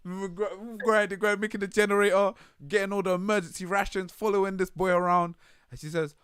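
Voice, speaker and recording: A man hosting a casual stream chat, animated and laughing often, his voice jumping up when amused. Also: sits high, brisk, smooth, dry recording. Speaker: streamer host.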